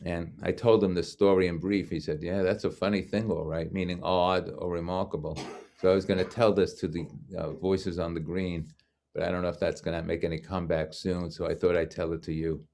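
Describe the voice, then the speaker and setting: A man's voice: deep voice, flat delivery, a little fast, gravelly, a little mellow. Older man telling a reflective story. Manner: reflective, acts out quoted voices. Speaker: guest speaker. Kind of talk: personal storytelling talk. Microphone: video call.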